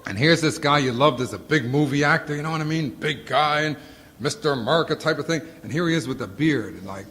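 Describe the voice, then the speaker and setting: A man telling comic stories to an audience in animated bursts, with a sore throat and a lozenge in his mouth. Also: fairly high pitch, moderate pace, long reverb tail, slight background noise. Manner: animated storytelling, acts out quotes. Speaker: comedian answering audience questions. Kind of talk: casual Q&A talk. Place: auditorium before a live audience.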